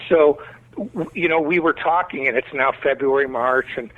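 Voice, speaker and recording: A man's voice: medium pitch, moderate pace. A man with a Chicago accent, a guest musician rambling through stories in a casual interview. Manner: rambling, talkative storyteller. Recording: tinny phone-like line.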